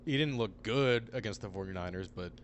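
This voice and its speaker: A man co-hosting a podcast, talking football in a casual, animated way. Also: lowish voice, brisk, slight background noise. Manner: animated, laughs often, swears casually. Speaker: podcast co-host. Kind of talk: casual sports chat.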